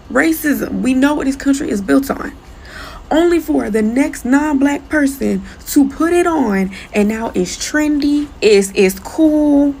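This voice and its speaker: A woman's voice: sits high, gravelly, a little mellow, slight background noise, low-quality recording. A woman from the United States delivering a heated, emphatic rant, repeating her points for force. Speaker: commentator. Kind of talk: heated social media rant.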